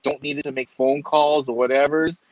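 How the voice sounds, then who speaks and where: A man co-hosts a casual podcast and argues his point, stammering a little as he starts. His voice sits a bit high. The sound is dry. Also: fairly even intonation, moderate pace, no echo, lo-fi sound.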